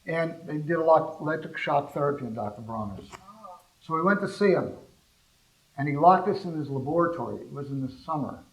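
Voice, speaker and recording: Older man, storytelling talk, rambling anecdotes, slightly high voice, asks the audience questions. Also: lively intonation, fairly quick, rough recording. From California. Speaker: speaker giving a talk.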